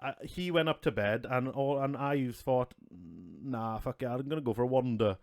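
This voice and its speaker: A man's voice: medium pitch, moderate pace, gravelly, no room sound, clean studio sound. Sweary man telling a story. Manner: sweary, laughing, animated anecdote-telling. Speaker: podcast co-host. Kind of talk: casual storytelling chat.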